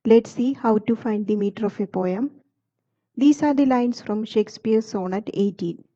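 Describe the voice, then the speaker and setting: A woman reads a scripted lesson in a steady, measured way, one definition after another. Her voice is very mellow and dark, sitting a little high. It comes through a dull, lo-fi recording. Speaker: teacher. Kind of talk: scripted explanatory narration.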